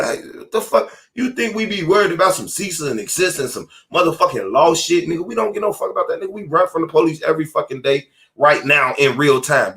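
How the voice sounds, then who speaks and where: A man's voice: fairly high pitch, fairly bright tone. A man hosting a podcast, delivering an angry, profane and confrontational monologue from home. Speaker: podcast host.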